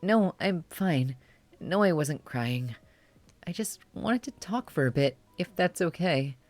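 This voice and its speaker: A streamer voicing a tearful young adult confiding in their mother on the phone, in a soft, shaky, pleading voice. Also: medium pitch, animated, slow pace, faint music behind, voice pushed up. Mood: vulnerable.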